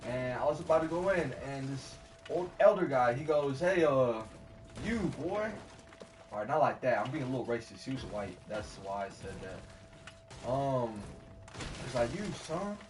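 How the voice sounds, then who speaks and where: A man's voice: medium pitch, moderate pace, darkish tone. A man streaming a game while telling a rambling, slangy, profane story in casual chat. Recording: distant mic with faint noise.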